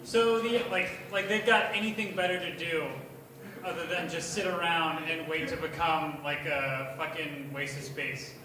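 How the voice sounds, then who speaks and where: A young man at an open mic doing rambling, profane stand-up that bursts into shouting. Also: a little high, steady tone, normal speed. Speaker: stand-up comedian. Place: small bar at an open mic night, indoors. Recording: echoey bar taped from far off, with room noise.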